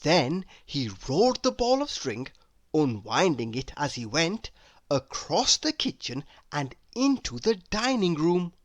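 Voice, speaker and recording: A woman reading a children's storybook aloud in an expressive manner, now and then asking the listener questions. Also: low voice, unhurried, no room sound. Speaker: storybook reader.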